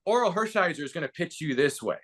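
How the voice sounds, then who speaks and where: A man in his fifties, a baseball broadcaster and former player, tells stories as a podcast guest, acting out quotes with growing excitement. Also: fairly high pitch, fast talker. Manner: lively anecdote-telling with voiced quotes and rising excitement. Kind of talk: casual storytelling interview.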